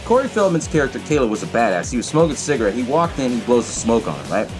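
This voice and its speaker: A man hosting a podcast, casually recapping a film in a profane, animated way and acting out the characters' lines. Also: mid-range voice, rapid-fire, over music. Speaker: podcast host.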